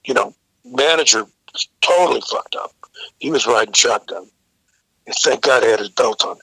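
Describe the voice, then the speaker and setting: A man's voice: medium pitch, moderate pace, pushed and bright, husky, no room sound, rough recording. An older man, a guest vocalist, telling profane, vivid stories in a casual interview. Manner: profane, vivid storyteller who acts out the people in his story.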